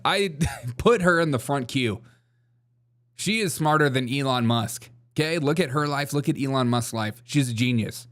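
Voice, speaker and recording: A man's voice: mid-range voice, normal speed, fairly bright tone. A man hosting a political comedy show, talking sarcastically and laughing at his own jokes. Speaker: host.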